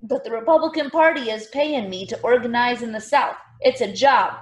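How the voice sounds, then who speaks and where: A woman voicing a loud, eager Northern male political organizer who rallies a crowd with speeches. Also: very high voice, normal speed, echoey room, voice pushed up. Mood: rallying. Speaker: party organizer.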